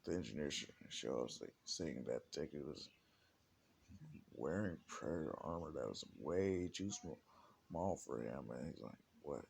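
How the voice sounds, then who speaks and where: A man's voice: rumbling low, animated, a little slow, vocal fry, a little mellow, husky. A man telling an improvised fan-fiction story in a rambling way, with many restarts.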